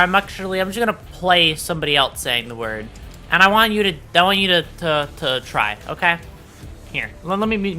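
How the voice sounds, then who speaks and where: A male streamer with a bright, forceful voice that sits a little high for a man. He chats and teases his chat in a playful, loose way and swears offhandedly. Faint game music plays underneath. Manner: playful, teasing, swears casually. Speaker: VTuber streamer. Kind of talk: casual live-stream chat.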